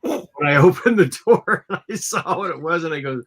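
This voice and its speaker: Man co-host, married, bright forward tone, halting and repetitive. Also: on the high side, lively intonation. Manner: halting, repeats words and restarts. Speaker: podcast co-host. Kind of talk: casual chat.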